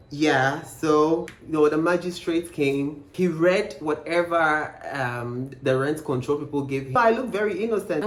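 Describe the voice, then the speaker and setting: Animated young man telling a story. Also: on the high side. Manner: animated, emphatic storytelling with rhetorical questions. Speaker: vlogger. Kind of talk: storytime vlog. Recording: roomy echo, faint background noise.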